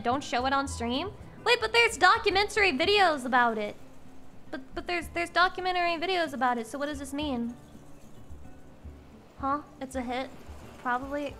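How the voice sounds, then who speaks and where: High bright young woman streaming, crude and excitable, faint music behind. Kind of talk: casual chat.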